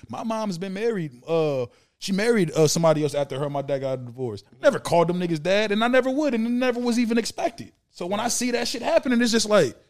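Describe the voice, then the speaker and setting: Male podcast host, fairly high voice, profane, emphatic, repetitive. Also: animated, fast talker. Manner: emphatic, profane, repeats words. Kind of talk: casual chat.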